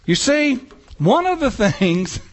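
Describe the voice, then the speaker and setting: A man preaching a sermon in church, animated, with casual asides and rhetorical questions to the congregation. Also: extremely high pitch, slow. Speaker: pastor. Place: church sanctuary.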